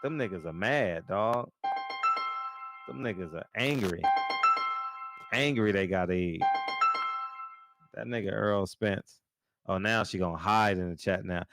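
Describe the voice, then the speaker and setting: Gravelly low-voiced man hosting a call-in. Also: a little slow, long pauses, a bit bright, no echo, soft background music. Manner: laid-back, slangy, laughs often. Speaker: live call-in show host. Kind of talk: casual live-stream chat.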